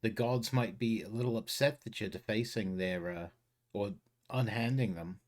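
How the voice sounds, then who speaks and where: Man, tabletop player, lowish voice, wry, thinks aloud. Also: moderate pace. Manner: musing, wry, thinks out loud. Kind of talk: tabletop game chat.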